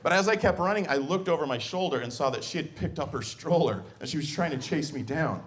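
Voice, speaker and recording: Animated middle-aged male stand-up comic. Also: fairly high pitch, fast. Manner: animated storytelling, acting out scenes. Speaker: stand-up comedian. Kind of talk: stand-up comedy storytelling. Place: comedy club stage.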